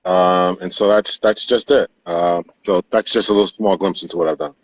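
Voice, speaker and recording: Lowish-voiced retired police captain, unhurried. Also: male voice, fairly even intonation. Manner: measured, many "uh" pauses. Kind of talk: live podcast interview.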